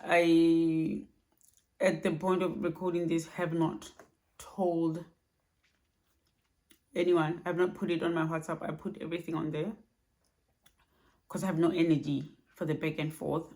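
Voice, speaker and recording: A woman speaking softly and haltingly in a personal vlog recorded at home at night, low on energy. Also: level tone. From Australia. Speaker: vlogger.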